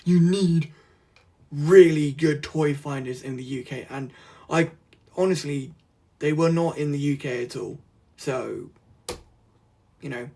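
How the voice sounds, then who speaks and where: A man from the UK chatting casually through an unboxing vlog, rambling and easily excited. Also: fairly high pitch, takes it slowly, long pauses. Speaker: vlogger.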